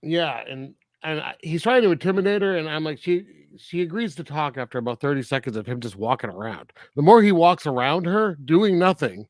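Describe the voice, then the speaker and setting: A man's voice: fairly high pitch, lively intonation, fairly quick, hardly any pauses, dry recording. A man co-hosting a film review podcast in casual chat, often laughing as he recaps scenes. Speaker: podcast co-host.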